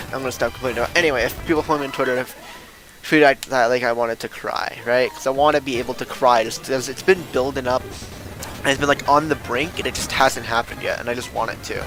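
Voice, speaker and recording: A man's voice: medium pitch, rough recording. A young man streaming a game, rambling casually and self-deprecating, getting worked up when he rants. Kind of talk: casual gameplay stream chatter.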